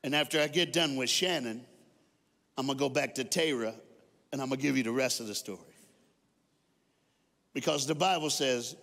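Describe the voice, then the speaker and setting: A man's voice: mid-range voice, moderate pace, pauses often, a bit bright. A man, a guest speaker telling a story in a sermon, with playful asides to the crowd. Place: large church hall. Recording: long reverb of a large church.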